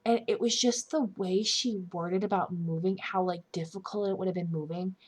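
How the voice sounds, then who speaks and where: A woman's voice: medium pitch, fairly even intonation, moderate pace, a little mellow, slightly rough. A young woman giving an indignant, earnest opinion commentary for her channel, often restarting and correcting herself mid-sentence. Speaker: commentary YouTuber.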